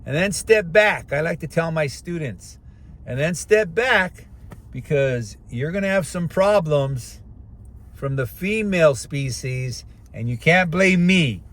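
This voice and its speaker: A middle-aged man hosting a casual self-help talk, speaking straight to viewers and sometimes stretching words out slowly to show clear diction. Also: fairly high pitch, lively intonation, fairly bright tone. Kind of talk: casual advice monologue. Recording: street noise behind voice.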